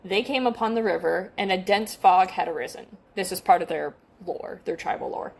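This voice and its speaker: A woman's voice: lowish voice, moderate pace, vocal fry. Young adult woman, casual podcast co-host; conversational, self-deprecating read. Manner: chatty, self-deprecating, stumbles over names. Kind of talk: casual chat, reading from notes.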